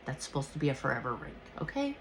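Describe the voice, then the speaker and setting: A woman hosting a podcast, telling a personal story in a casual, animated way and swearing freely. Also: very deep voice, fast, a little hiss or hum. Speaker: podcast host.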